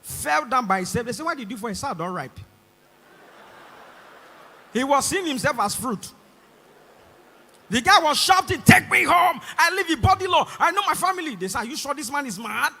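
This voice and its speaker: A young man with a Nigerian English accent performing a stand-up comedy routine on a concert stage, animated and acting out voices. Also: very high voice, a little fast, pauses often. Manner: animated, acts out voices and shouts. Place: large concert hall stage. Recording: live concert hall reverb.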